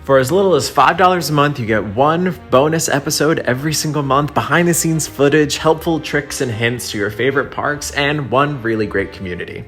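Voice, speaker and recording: A man reading a scripted promo in a steady, informative manner. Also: on the high side, brisk, hardly any pauses. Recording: faint music underneath.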